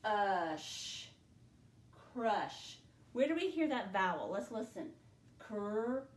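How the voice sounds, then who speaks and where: A woman's voice: on the high side, very animated, moderate pace, distant mic. A woman teacher leading a spelling dictation lesson, patiently sounding out words letter by letter. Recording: echoey room, voice from the mic.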